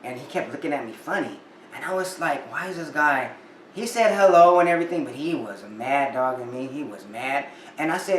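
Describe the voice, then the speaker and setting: A man's voice: fairly high pitch, lively intonation, moderate pace, fairly bright tone. Chatty man vlogging in an echoey room. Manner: chatty storyteller, frequent restarts and fillers. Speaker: vinyl collector vlogger. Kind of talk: casual chat to camera. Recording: roomy echo, a bit off-mic, faint room noise.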